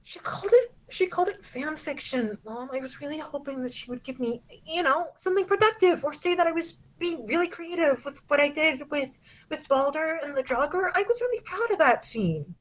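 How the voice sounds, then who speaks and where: A woman's voice: sits high, expressive, a little fast, pitched above the performer's own voice, poor audio. A woman voicing an emotional teenage girl who pleads and gets defensive, as part of a tabletop role-play. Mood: pleading. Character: upset teenage girl obsessed with myths.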